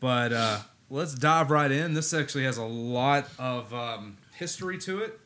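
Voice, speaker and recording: A man co-hosting a podcast in easy, unhurried chat. He rambles a little and leans on fillers as he goes. His voice sits at an ordinary middle pitch. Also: pushed and bright, a little hiss or hum. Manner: laid-back, rambling with fillers. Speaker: podcast co-host.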